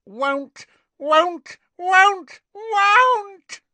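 A man voicing a stubborn, spiteful male house elf with a croaking, shrill voice, repeating one word over and over. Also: animated, drawn-out words, bright, forceful tone, dry recording, full character voice. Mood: furious refusal. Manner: screams the same word over and over.

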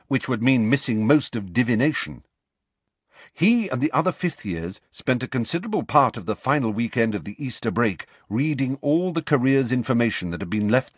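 A man narrating a storybook in an expressive, measured way. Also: mid-range voice, slightly rough, no echo. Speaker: audiobook narrator.

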